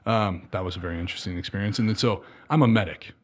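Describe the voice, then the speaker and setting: Husky-voiced man telling army stories. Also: fairly low pitch, fast talker. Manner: animated, acts out sergeants' shouts and his own scared replies. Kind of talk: casual storytelling chat.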